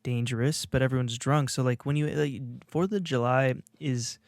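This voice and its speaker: Speaking at a moderate pace in a steady, mid-range voice, this Illinois podcast co-host rambles casually, restarting often and leaning on fillers. The recording from his video podcast studio mic is dry and studio quality.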